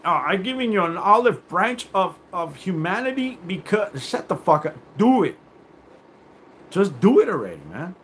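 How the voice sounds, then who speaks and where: Lively, profane man ranting on stream. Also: high-pitched, normal speed, hardly any pauses, a little hiss or hum. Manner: profane, confrontational; rambling, with many fillers and restarts. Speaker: livestream host. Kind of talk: live rant on a stream.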